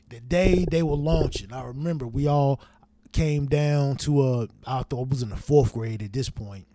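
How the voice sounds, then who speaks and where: A man hosting his own show, telling a story in a casual, profane, animated way and acting out his younger self's reactions. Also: mid-range voice, no echo. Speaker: show host.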